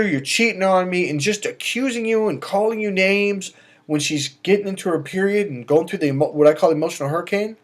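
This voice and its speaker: A middle-aged man, a dating coach, giving emphatic advice straight to camera, swinging between loud bursts and quiet asides. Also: sits high. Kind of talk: direct-to-camera advice monologue.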